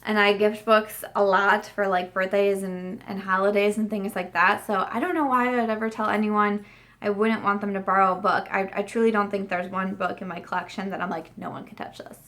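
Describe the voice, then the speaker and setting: A woman's voice: medium pitch, level tone, a little fast, fairly bright tone. A woman in her thirties vlogging casually to camera as a book reviewer, chatty, with frequent restarts and fillers.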